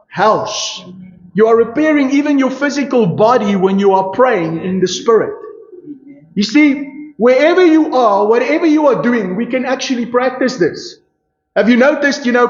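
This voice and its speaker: In an echoey church hall, a male pastor with a high voice delivers an emphatic sermon full of rhetorical questions and repeated "you see." Worshippers call back responses, and the sound is dull and lo-fi.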